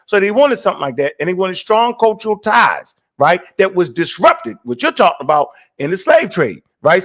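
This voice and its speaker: A man arguing hard in a live stream debate, lecturing and often asking "right?" to press his points. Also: high-pitched. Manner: forceful, preachy, keeps asking "right?".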